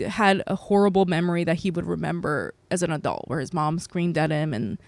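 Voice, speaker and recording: A woman's voice: fairly low pitch, a little fast, vocal fry, no echo. A woman telling a candid personal story about being a mother, swearing freely and filling her talk with "like". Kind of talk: casual podcast chat.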